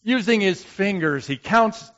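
A man playing a gentle, humble brother of Moses in a slow, musing dramatic monologue. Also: sits high, lively intonation, muffled recording. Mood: reflective. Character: gentle brother of Moses, who made the golden calf, humble and reflective.

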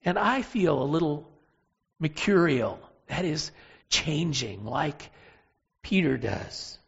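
Slow, animated preacher with a gravelly voice. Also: medium pitch, lo-fi sound. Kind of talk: sermon.

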